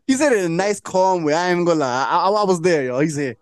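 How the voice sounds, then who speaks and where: A man's voice: high-pitched, wildly swooping pitch, quick pace, no room sound, studio quality. A man hosting a casual podcast chat, telling a story with lots of laughter and acted-out quotes. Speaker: podcast host.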